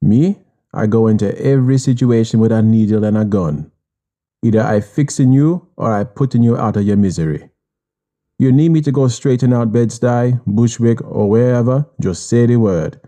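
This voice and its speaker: A man with a Jamaican accent reading an audiobook in a measured, menacing patois. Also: mid-range voice, mellow. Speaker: audiobook narrator.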